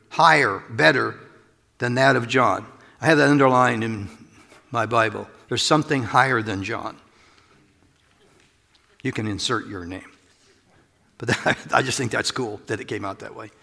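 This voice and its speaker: A man preaching through a Bible passage, animated, often laughing and dropping to a whisper for emphasis. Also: medium pitch, normal speed, gravelly, pauses often, long reverb tail. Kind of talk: expository Bible teaching.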